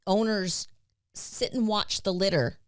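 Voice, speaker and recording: A woman's voice: mid-range voice, takes it slowly, dry recording, clean studio sound. A woman co-hosting a casual podcast, agreeing steadily and teasing playfully. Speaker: podcast co-host.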